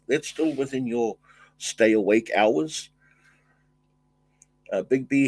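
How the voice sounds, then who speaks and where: An older man hosting a casual livestream, thanking viewers and reading their comments, talking in halting bursts with many fillers and restarts. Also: mid-range voice, animated, husky, no echo. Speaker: livestream host.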